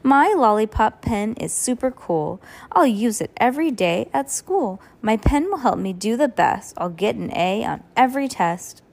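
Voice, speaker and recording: A woman reading a storybook aloud, voicing an eager, pleading little girl in a raised, brighter voice. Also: a little high, very animated, normal speed, gravelly, exaggerated voice.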